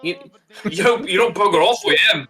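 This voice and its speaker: A man's voice: sits high, brisk, pushed and bright, faint music behind, voice pushed up. Man putting on a crude British company man. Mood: mocking. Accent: put-on British. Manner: mocking, exaggerated, rowdy.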